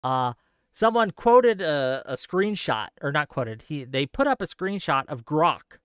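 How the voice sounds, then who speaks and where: A man hosting his live stream talks straight into a close mic with no room sound. His pitch swoops up and down as he rants and jokes sarcastically. His voice is smooth and clear. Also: measured pace, no echo. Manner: ranting, animated, sarcastic. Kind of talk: casual live stream chat reading viewer comments.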